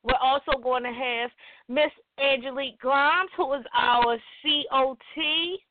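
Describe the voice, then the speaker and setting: A woman's voice: high voice, fairly even intonation, unhurried. A woman in her thirties hosting her own radio show in a chatty, playful way, teasing herself as she runs through event plans. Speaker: radio host. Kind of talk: casual radio chat. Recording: dry, tinny phone-like sound.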